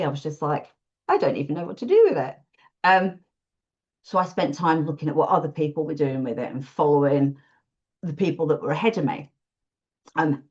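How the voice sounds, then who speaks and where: A WordPress support freelancer appears as a podcast guest, chatting openly about her freelance work in a relaxed, casual interview. She's self-deprecating and quick to laugh, with a slightly low voice. The audio sounds dull and lo-fi, like a remote call.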